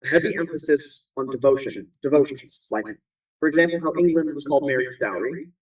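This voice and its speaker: A man's voice: a little high, brisk, distant mic, rough recording. A man talking casually in an interview, rambling with many fillers, restarts and "you know"s. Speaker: guest. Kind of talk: conversational interview.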